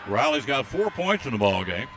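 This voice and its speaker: A man calling a high school basketball game play by play from courtside, reading out scores and listener greetings. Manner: rapid excited calls during fast plays, reads out listener greetings. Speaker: play-by-play announcer. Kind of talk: live basketball play-by-play commentary. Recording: faint crowd noise at a game.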